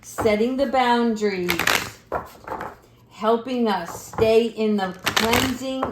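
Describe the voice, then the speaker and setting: A middle-aged woman gives a spiritual tarot reading at an unhurried, deliberate pace, gentle and affirming. Her voice carries a noticeable echo from the room around her. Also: a little high, heavy background noise. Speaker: tarot card reader. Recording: echoey room.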